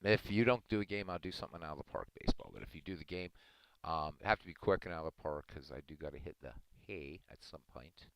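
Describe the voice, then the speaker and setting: A man hosting a livestream, chatting casually with viewers in a relaxed, rambling way. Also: extremely low pitch, quick pace, gravelly, dry recording, low-quality recording. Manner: relaxed, rambling, chuckling asides. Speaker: livestream host.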